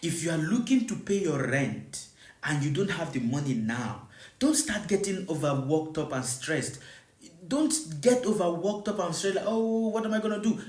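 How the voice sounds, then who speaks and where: A spiritual teacher speaks live in an echoey room, using a sing-song, unhurried, mid-range voice that is a little mellow. The preaching is emphatic and repetitive, with the same points restated and the listeners asked time after time whether they understand.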